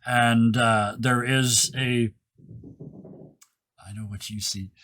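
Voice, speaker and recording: Game master guy narrating a scene, gets excited, quick side comments, mid voice. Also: mid-range voice. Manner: descriptive, enthusiastic, quick asides.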